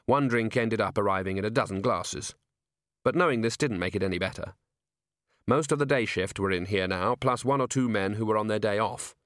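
A man reading a comic novel as an audiobook in wry, expressive storytelling narration. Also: fairly low pitch, brisk, no echo, clean studio sound.

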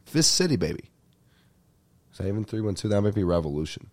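A young man, telling a comic story as a podcast host in an animated, profane rant. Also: fairly low pitch, fast talker. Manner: animated ranting with frequent profanity. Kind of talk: ranting comedic storytelling.

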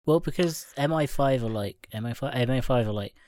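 A man's voice: mid-range voice, fairly quick, a little mellow, dry recording. Sarcastic guy joking about a dumb movie, dry close sound. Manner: sarcastic, joking, quotes characters in voices. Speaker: podcast co-host. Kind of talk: casual film chat.

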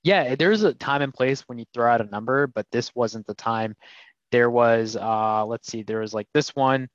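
A man's voice: mid-range voice, moderate pace, no echo. A man co-hosting a casual podcast, candidly explaining and retelling his conversations. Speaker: podcast co-host. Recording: dull, dry sound.

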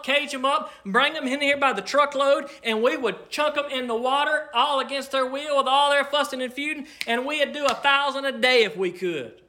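High, bright-voiced male preacher. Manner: emphatic preaching with dramatic slow pauses. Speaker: pastor. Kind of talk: sermon.

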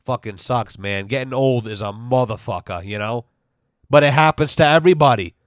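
Man, podcast host, dry close headset sound, mid pitch, swears constantly, rambles with lots of "you know". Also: moderate pace, no room sound. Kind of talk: casual storytelling monologue. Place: at home with his dog. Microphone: headset mic.

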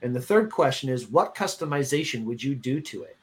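A man's voice: mid-range voice, sing-song, fairly quick. A man hosting a casual podcast chat, joking around and asking his guests questions. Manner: laid-back, jokey, asks the questions. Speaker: podcast host.

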